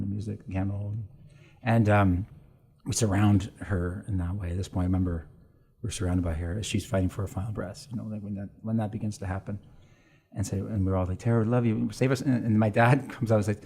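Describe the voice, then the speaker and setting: Husky-voiced priest telling a family story. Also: male voice, on the low side, steady tone, warm tone. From Canada. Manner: emotional, halting storytelling with laughter. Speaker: priest guest. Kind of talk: personal storytelling interview.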